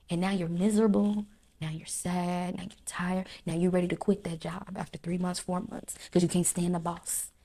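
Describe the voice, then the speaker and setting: A woman's voice: fairly low pitch, creaky, dark tone, breathy edge. A woman in a faith vlog reflecting on peace in a preaching cadence, with lists and repetitions and frequent drops to a near whisper. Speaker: faith vlogger. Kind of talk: heartfelt spiritual reflection.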